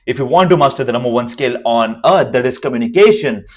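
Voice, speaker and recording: Quick and expressive, a man with a hoarse, worn mid-range voice gives an off-the-cuff lesson to camera as a communication coach. He's emphatic, returning again and again to his key phrases.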